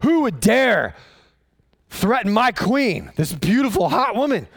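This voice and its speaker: A man voicing a hot-tempered, not very bright king in a loud, comic, exaggerated way. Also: high voice, big pitch swings, measured pace, no echo, clean studio sound, pitched above the performer's own voice, full character voice. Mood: outraged. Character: blustering dim-witted king, grown man, hot-tempered.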